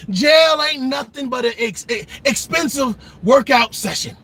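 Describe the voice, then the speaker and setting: Man, comedic rant, high bright voice, very lively pitch, faint background noise. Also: unhurried. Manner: loud, animated, laughing often, slipping into mock voices. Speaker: comedic commentator.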